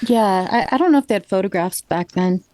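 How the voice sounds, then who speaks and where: Woman, mid pitch, Valley girl way of talking, easy laughs, dry close sound, video-call guest. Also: lively intonation, a little fast, a little mellow, dry recording. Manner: self-described Valley girl talk, says like a lot, laughs easily. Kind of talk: casual video-call chat.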